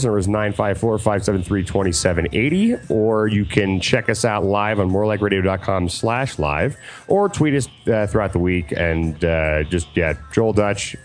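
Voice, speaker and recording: A man hosting an internet radio show, introducing his co-hosts in a relaxed, rambling way. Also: lowish voice. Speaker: podcast host. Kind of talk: casual radio show chat.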